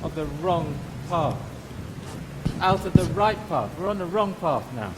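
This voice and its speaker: A man's voice: fairly high pitch, sing-song, unhurried, big-room sound, noisy background. A man playing an earnest, worried young pilgrim in an amateur play.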